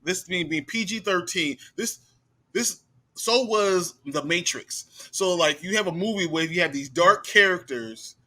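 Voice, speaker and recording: A man with a slightly high, bright, forward voice bluntly argues his point about a movie. He speaks in a casual, conversational way. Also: expressive, a little slow. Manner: blunt, makes his case. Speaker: movie reviewer. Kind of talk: casual chat.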